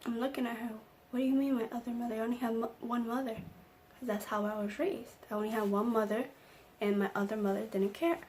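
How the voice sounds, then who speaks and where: A woman's voice: fairly high pitch, fairly even intonation, a little fast, hardly any pauses, a little mellow, slight background noise. A young woman vlogger telling an emotional personal story, acting out the lines of the people in it. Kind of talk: storytime vlog.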